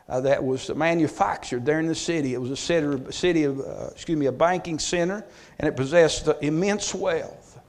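High-voiced man preaching a Bible study. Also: a little mellow. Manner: folksy, repeats and restarts, rises in force on key points. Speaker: pastor.

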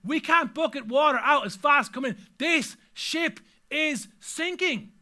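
Terrified disciples as acted by a man cry out in an urgent, pleading rush. The voice is raised and sharp-edged. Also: very high voice, a little slow, voice pushed up, full character voice. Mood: panicked. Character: panicking frightened male disciples in a storm.

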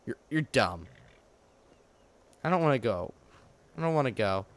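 Animated man joking through a game. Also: medium pitch, unhurried, no room sound. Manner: excitable, joking, talks back to game characters. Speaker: gaming channel host. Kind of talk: let's play commentary.

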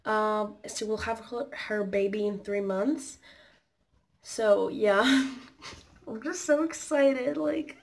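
A teenage girl vlogging on her phone, gushing and halting, repeating herself with excitement. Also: medium pitch, gravelly. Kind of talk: casual excited vlog.

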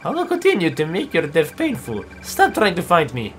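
A man's voice: a little high, wildly swooping pitch, normal speed, a bit bright, a little hiss or hum. A man voicing a cold, menacing male spirit villain who taunts and mocks, reading game dialogue aloud. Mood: mocking.

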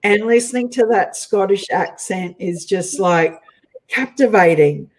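A woman's voice: medium pitch, animated, a little slow, rough recording. A woman with an Australian accent, hosting an interview in a chatty, playful way and laughing often. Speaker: host. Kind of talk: casual interview chat.

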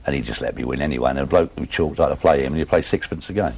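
A man's voice: extremely low pitch, racing, a little mellow, a little hiss or hum. A man with a London Cockney accent, telling rambling stories in casual chat, often adding "you know what I mean". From England. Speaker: former darts player telling stories.

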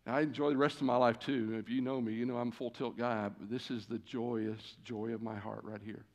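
A man preaching as a guest in a church, telling a personal story with lively, acted-out dialogue. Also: medium pitch, fairly quick, muffled recording. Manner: animated, acts out quoted conversations. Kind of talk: storytelling sermon. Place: church sanctuary.

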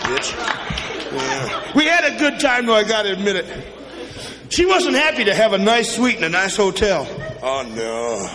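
A man's voice: sits high, very animated, moderate pace. A man doing a crude, profane stand-up comedy set, telling stories and acting out quoted voices on a club stage. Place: comedy club stage before a live audience. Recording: live club recording with crowd and reverb.

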